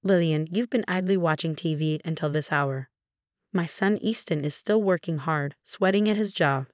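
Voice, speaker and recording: A woman's voice: sits low, moderate pace, dry recording, studio quality, natural voice. A woman voicing a nagging, spiteful middle-aged mother-in-law who scolds and talks down in a scripted story. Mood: scolding. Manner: scolding, condescending.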